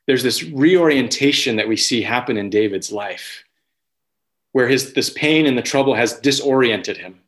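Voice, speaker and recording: A man's voice: mid-range voice, a bit bright. A pastor delivering a sermon in an earnest, searching way, circling back over words and phrases as he works through his thought. His voice sits in a middle register for a man, and it climbs with feeling when he voices a prayer aloud. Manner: earnest, halting restarts, rises when voicing prayer.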